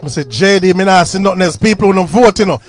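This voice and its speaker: A man's voice: high voice, fast talker, crowd noise. Chatty Jamaican man hosting a sound clash. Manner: chatty, laughs often, repeats phrases. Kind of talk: casual live radio hosting.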